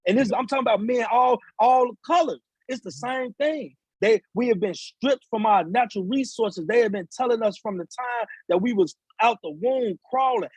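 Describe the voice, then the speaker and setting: A man's voice: very high voice, moderate pace, few pauses, breathy edge, no room sound, low-quality recording. A man, father of seven, speaking in impassioned, repetitive podcast talk, building to emphatic peaks. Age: adult father of seven sons. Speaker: author and speaker, guest.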